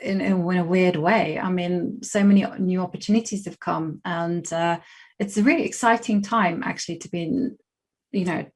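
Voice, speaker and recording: A young adult woman with a West London English accent, chatting casually and laughing often while she plays chess on a live stream and thinks aloud. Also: mid-range voice. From England.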